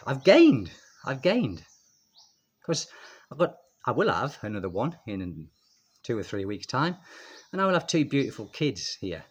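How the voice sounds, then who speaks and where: A man's voice: medium pitch, a bit bright, husky. A middle-aged man talking casually to camera in his garden, rambling and chatty, speaking to viewers as people. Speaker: expat vlogger. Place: outdoors in a home garden.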